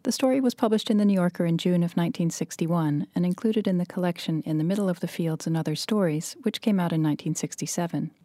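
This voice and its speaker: A woman host reading a scripted outro in a crisp, informative way. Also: on the low side, quick pace, hardly any pauses, mellow, no echo, clean studio sound. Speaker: podcast host.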